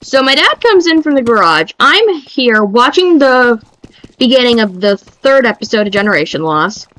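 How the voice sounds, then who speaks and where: A young woman streamer chatting casually in an excitable, rambling way. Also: on the high side, normal speed, poor audio.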